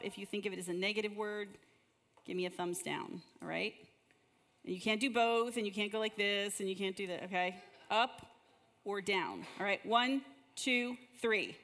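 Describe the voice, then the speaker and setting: Speaking in a medium-pitched, slightly bright voice, a woman guides a church group session with prayer and conversational storytelling. She frequently repeats words at the start of her sentences. The group sits in a large room, and long hall reverb is heard on the recording.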